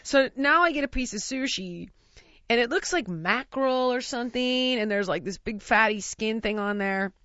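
A woman from the United States telling a long funny story in casual chat, animated and often laughing as she acts out what people said. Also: fairly high pitch, normal speed, no echo. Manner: animated, laughs through her own story, acts out quotes. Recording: dry, slightly dull lo-fi sound.

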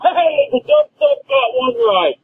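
A man's voice: very high-pitched, huge pitch swings, unhurried, a crowd in the background. A man leaving an angry, expletive-filled voicemail as a fan caller, ranting and sounding drunk. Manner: ranting, swearing nonstop, enraged. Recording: tinny voicemail phone line.

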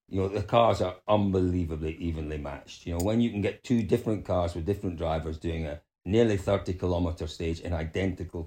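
A man with a low voice chatting as a rally pundit, grumbling and mocking himself. He talks in a casual panel setting. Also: dark tone.

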